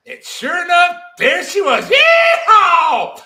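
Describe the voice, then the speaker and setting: A man's voice: very high voice, wildly swooping pitch, takes it slowly, soft background music, voice pushed up, full character voice. A man reading a story aloud in an exaggerated, drawling Southern US accent as a rowdy service tech. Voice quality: loud, whooping, drawling.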